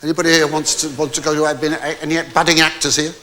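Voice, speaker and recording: A man's voice: a little high, little pitch movement, rapid-fire, bright, forceful tone, a little hiss or hum. An older man telling a rambling comic story on stage in a debating hall, stammering with false starts and theatrical asides. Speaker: stand-up comedian.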